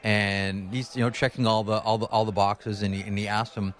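A man hosting a podcast, chatting in a relaxed, conversational way. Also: fairly low pitch, a little fast. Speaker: podcast host. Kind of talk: casual chat.

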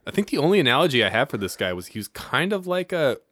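A man's voice: medium pitch, sing-song, quick pace, a bit bright, no room sound, studio quality. A man hosting a casual chat, loose and conversational, with lots of fillers. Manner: casual, heavy use of filler "like". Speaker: host.

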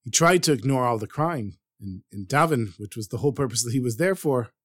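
A man narrating a story in an earnest, expressive storytelling manner. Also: mid-range voice, brisk, no echo.

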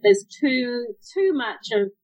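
A woman's voice: on the high side, big pitch swings, slow, darkish tone, dull audio. A woman from England with a northern English accent tinged with New Zealand, a guest chatting in an interview, with frequent small restarts. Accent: northern English, slightly New Zealand. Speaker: guest, web developer. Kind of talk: casual interview chat.

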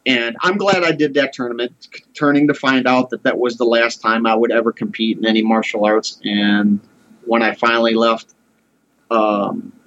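A man's voice: medium pitch, steady tone, moderate pace, fairly bright tone, muffled recording. A man in his forties earnestly telling a personal story in a casual conversation. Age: 40s. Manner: earnest, heartfelt.

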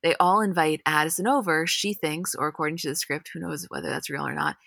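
A woman with a low, gravelly voice and a bright, forceful edge, talking close to a dry mic. She recaps scenes in a candid, profane, animated way, like a chatty podcast co-host. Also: fast, dry recording. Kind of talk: casual recap chat.

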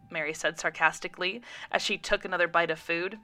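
A woman narrates a chapter of a story in a low, bright, forceful voice. Her read-aloud delivery is lively. Soft music sits faintly behind her. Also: fast, hardly any pauses. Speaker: guest reader.

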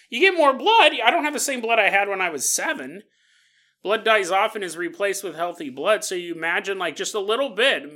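A podcast host with a high, bright, forceful male voice rambles through a comedic monologue. He jokes constantly and keeps slipping into silly put-on voices.

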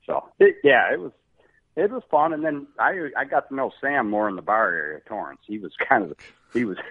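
A middle-aged man, a golf pro guest, telling casual stories with a relaxed, laughing manner. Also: fairly low pitch, slightly rough. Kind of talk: casual storytelling. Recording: tinny phone-like line.

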